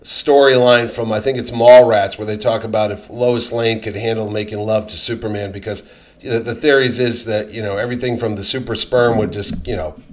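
A man's voice: fairly low pitch, fairly even intonation, a little fast. A man in casual conversation about comics, wry and joking with his co-host. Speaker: podcast co-host.

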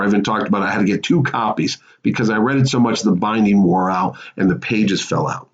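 Animated middle-aged man telling a story. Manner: animated, excitable, swings pitch up for emphasis. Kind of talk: personal storytelling monologue. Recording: slightly dull recording.

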